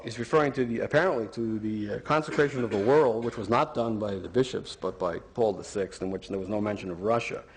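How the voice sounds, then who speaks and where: A man giving an argumentative talk, sarcastic and emphatic as he builds his points. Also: mid-range voice. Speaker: speaker.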